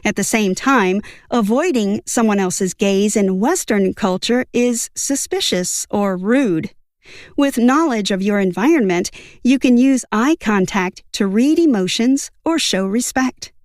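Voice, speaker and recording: A woman narrating a scripted book summary in an even, measured reading. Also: medium pitch, no room sound, studio quality.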